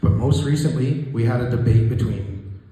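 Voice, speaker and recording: Halting stand-up comedian man, echoey room. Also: mid-range voice, mellow. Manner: halting, self-deprecating delivery with many restarts. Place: small room with a live audience. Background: audience laughter.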